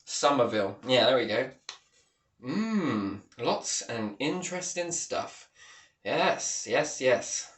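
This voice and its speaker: A man talking to camera in a casual vlog, rambling and swinging between low mutters and loud, excited exclamations. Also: slow pace, reverberant. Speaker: vlogger.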